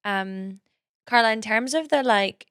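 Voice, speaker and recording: A woman's voice: fairly high pitch, unhurried, a bit bright, smooth, no room sound, studio quality. A woman hosting a podcast interview, asking thoughtful, rambling questions with plenty of fillers. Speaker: podcast host. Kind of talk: casual interview chat.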